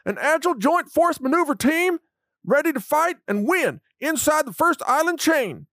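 A man putting on a loud Southern US drill sergeant voice, barking orders in a much higher, shouted tone. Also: big pitch swings, moderate pace, dry recording, clean studio sound, full character voice.

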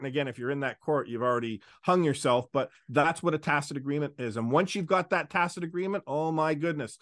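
A man's voice: a little high, fast talker, few pauses, a bit bright, dry recording, clean studio sound. A man speaking as a guest in a conversational interview, assertive and lecturing.

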